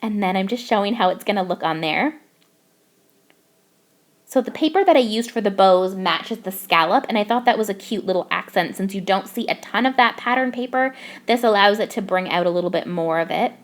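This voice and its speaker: A woman's voice: mid-range voice, animated, brisk. A young woman from Canada narrating her craft process in a bubbly, gushing way. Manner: bubbly, gushing over cute details. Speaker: craft YouTuber.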